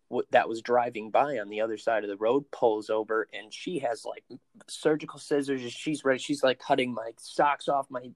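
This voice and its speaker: Man recounting a crash, halting. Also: medium pitch, dry recording. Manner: halting, many fillers and restarts. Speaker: interview guest. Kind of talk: personal storytelling interview.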